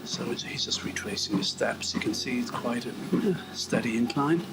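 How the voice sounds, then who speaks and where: A man's voice: medium pitch, normal speed, rough recording. An Irish man musing as he works out on a treadmill, rambling and self-mocking and often dropping to a murmur. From Ireland. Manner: self-mocking and rambling, murmurs asides under his breath. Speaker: video blogger. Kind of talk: musing commentary while exercising. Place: indoors on a treadmill. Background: calm instrumental music.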